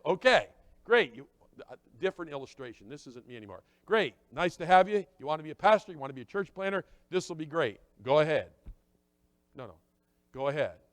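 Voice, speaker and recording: A middle-aged man preaching a sermon, talking conversationally and acting out little dialogues, dropping to quiet asides and rising to loud emphatic points. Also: a little high. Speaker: pastor.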